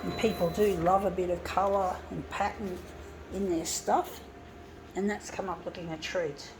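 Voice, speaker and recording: A woman's voice: on the low side, steady tone, moderate pace, background noise. A woman, rambling chattily to viewers as she crafts at home and calling them "folks". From Guam. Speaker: vlogger. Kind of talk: casual crafting vlog. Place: home lounge room with a fan.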